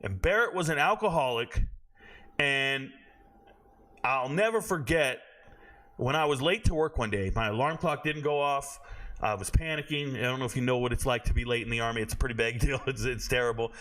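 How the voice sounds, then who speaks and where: A man's voice: mid-range voice, brisk, a bit bright. A man around forty hosting a sports show, talking in a blunt, profane way and drifting off into long tangents in a casual rant. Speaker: sports commentator and show host.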